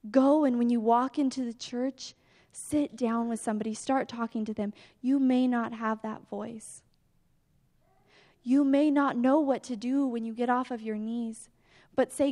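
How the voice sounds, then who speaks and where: Woman, sermon, earnest and pleading, slow, reverberant hall. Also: on the high side, steady tone. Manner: earnest, rising to pleading prayers then dropping soft. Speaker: preacher.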